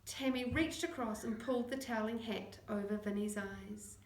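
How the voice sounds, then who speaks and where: A woman narrating a children's chapter book, acting out the dialogue in lively voices. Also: on the high side, moderate pace, few pauses. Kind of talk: audiobook reading. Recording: echoey room.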